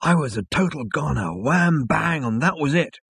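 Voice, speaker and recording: Brash loud alien adventurer guy, keeps going no matter what, voice way up high, a man putting it on. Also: expressive, normal speed, creaky, breathy edge, heavily acted. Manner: loud, boastful and dogged.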